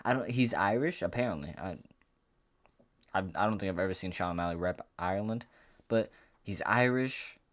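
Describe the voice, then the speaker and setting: A man's voice: low-pitched, moderate pace, pauses often. A man ranting to camera in a casual sports vlog, heated and profane, rambling with frequent restarts. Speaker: MMA commentary vlogger.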